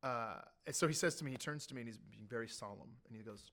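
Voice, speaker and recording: A man telling an animated story as an interview guest, acting out what others said. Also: medium pitch, quick pace, vocal fry. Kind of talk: conversational anecdote telling.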